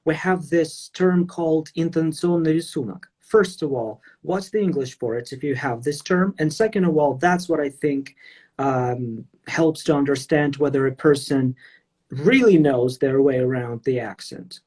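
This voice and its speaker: Husky-voiced Russian-speaking host. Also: male voice, a little high, normal speed. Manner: enthusiastic, flattering, long rambling questions. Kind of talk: casual livestream interview.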